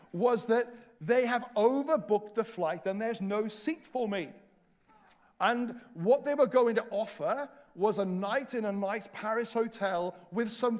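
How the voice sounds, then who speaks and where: A man preaching in a church, telling a self-mocking travel story with lively humor. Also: extremely high pitch. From Wales. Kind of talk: storytelling sermon. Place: church hall.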